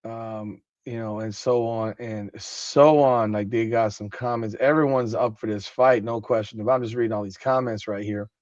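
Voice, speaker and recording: A man hosting a podcast late at night, sleepy and yawning, talking in loose, excitable slang and reading out comments. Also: lowish voice, normal speed, hardly any pauses, dry recording, highs cut off. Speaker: podcast host.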